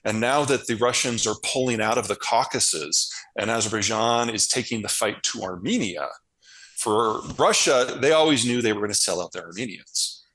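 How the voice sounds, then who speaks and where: A man's voice: on the low side, normal speed, a bit bright, poor audio. A man answering interview questions in a blunt, casual way, hammering points home by repeating phrases. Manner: blunt, emphatic, stacks repeated phrases for stress. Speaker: guest analyst.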